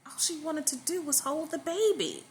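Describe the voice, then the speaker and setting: A woman's voice: high-pitched, very animated, moderate pace, darkish tone. A woman narrating a story casually in her own words, with fillers and emphatic stress.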